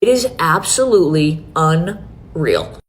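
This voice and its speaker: Woman, low voice, beauty brand founder, earnest, casual swearing, faint rumble behind. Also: animated, slow pace. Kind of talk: emotional announcement video.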